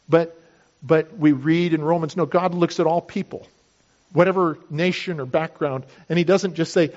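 A man's voice: on the high side, steady tone, a little fast, darkish tone, muffled recording. Man preaching a conversational sermon. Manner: conversational, uses everyday illustrations. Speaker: pastor.

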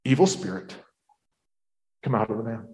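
A man voicing Jesus, giving calm, quiet, measured commands. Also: medium pitch, long reverb tail, pitched below the performer's own voice, close to an everyday voice. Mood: commanding.

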